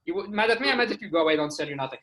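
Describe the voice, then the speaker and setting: A man's voice: high-pitched, expressive, rapid-fire, bright, forceful tone. Guy doing a pushy mall seller, broken english, just insults you. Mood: pushy, rude. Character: pushy rude male Israeli street salesman.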